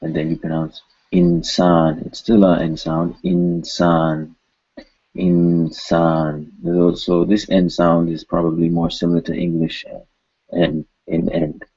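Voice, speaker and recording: A man's voice: low-pitched, little pitch movement, slow pace, warm tone, muffled recording. A man teaching pronunciation, patiently repeating each word several times. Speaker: language teacher. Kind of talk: pronunciation lesson.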